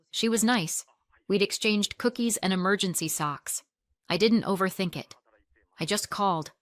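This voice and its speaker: A woman narrating a first-person family drama in a quiet, measured and tense way. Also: on the low side, no echo. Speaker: storyteller.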